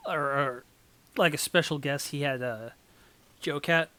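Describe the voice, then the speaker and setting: A co-host in relaxed conversation who keeps pausing on fillers and restarting sentences. The voice sits at an ordinary middle pitch. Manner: halting, many fillers and restarts. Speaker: podcast co-host. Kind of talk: casual chat.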